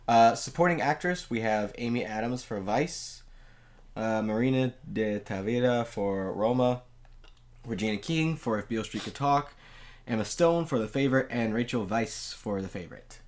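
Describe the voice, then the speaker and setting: A podcast co-host in casual chat, relaxed and wry, who starts lines with filler "uh"s while reading out nominees. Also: mid-range voice, moderate pace.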